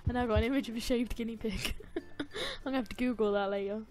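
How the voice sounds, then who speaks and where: A woman's voice: fairly high pitch, fairly even intonation, quick pace. A young woman hosting a casual gaming chat, giggling a lot, swearing and egging her friends on. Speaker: gaming channel host.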